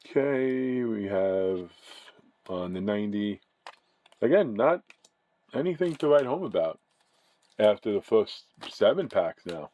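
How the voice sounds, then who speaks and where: A man's voice: lowish voice, lively intonation, a little slow, pauses often, mellow, poor audio. A man casually chatting as he opens trading card packs, rambling and often correcting himself. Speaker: card-breaking channel host. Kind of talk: casual chat while opening card packs.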